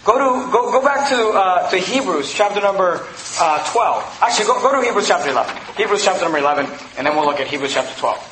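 A man's voice: sits high, lively intonation, quick pace, few pauses, a bit bright, echoey room, a little hiss or hum, poor audio. A man preaching a sermon, emphatic and repetitive, pointing his listeners to Bible verses. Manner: emphatic, repeats phrases, directs listeners to verses. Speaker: pastor.

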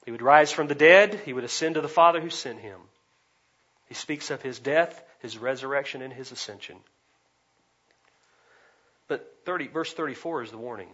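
Bright-voiced preacher with dynamic delivery. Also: male voice, mid-range voice, husky, lo-fi sound. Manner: dynamic, swings between loud emphasis and quiet asides. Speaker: pastor. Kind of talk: expository sermon.

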